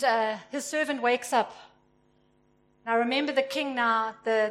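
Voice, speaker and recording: A woman preaching a sermon, retelling a story and acting out its characters with lively emphasis. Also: a little high, slight background noise. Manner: animated, acts out the characters with emphasis.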